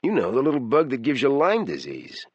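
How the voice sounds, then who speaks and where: A man's voice: medium pitch, huge pitch swings, fairly quick, husky, no room sound, lo-fi sound, voice pushed up. A man voicing a wisecracking, easygoing man in his mid-forties in an audiobook. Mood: joking. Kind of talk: audiobook character voice.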